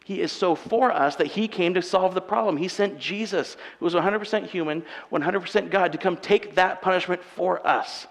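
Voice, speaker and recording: Gravelly high-voiced young preacher. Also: male voice. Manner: conversational, swings from quiet to emphatic. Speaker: pastor. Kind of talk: sermon. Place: church sanctuary. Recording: long reverb of a large hall.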